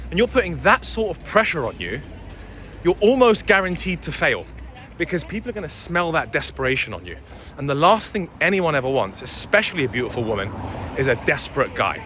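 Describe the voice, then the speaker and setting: Brief: blunt young male vlogger, lively swooping delivery, slightly high voice, faint street traffic behind. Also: fairly quick. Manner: blunt, opinionated, swears. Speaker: dating and life coach. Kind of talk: casual vlog monologue.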